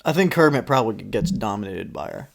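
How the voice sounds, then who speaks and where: A man's voice: fairly low pitch, lively intonation, a little fast, vocal fry. A man co-hosting a casual podcast, teasing his friend, rambling through stories and swearing freely. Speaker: podcast co-host. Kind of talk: casual chat.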